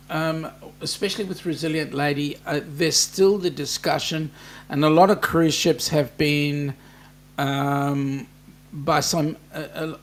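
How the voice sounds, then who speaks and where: A rambling, joking Australian man hosts a casual live stream, chatting loosely with his viewers. His voice sits a little above the usual male pitch, and a faint hum runs underneath.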